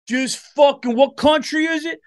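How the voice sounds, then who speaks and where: A man voicing a reckless, trigger-happy male leader who yells to bomb everything. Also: very high-pitched, normal speed, voice pushed up. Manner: yelling, reckless.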